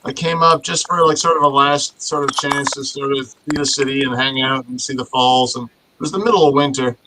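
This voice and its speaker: A man's voice: medium pitch, steady tone, fairly quick. Rambling, cursing man telling a story. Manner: rambling storyteller with many restarts and swearing. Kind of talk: casual chat. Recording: noisy podcast audio.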